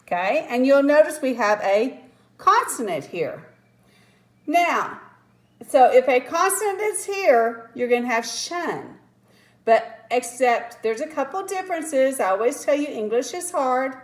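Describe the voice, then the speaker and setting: Slow-talking woman teaching phonics. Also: sits high, animated. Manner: patient, step-by-step explaining with asides. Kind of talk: phonics lesson.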